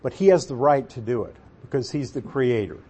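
A man teaching a sermon on a Bible passage, deliberate and emphatic, putting questions to his listeners. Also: mid-range voice, lively intonation, dark tone, slightly rough, muffled recording.

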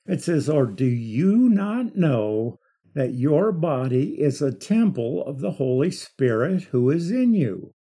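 A man teaching a Bible passage verse by verse, deliberate, stressing key words by repeating them. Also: a little high, dark tone, slightly rough.

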